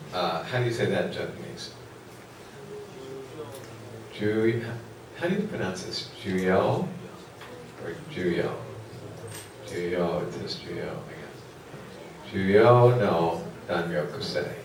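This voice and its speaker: A man's voice: low-pitched, noisy background. A man giving a classroom economics lecture, rambling and putting questions to the class, with many fillers. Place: lecture hall. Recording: echoey lecture hall from far off.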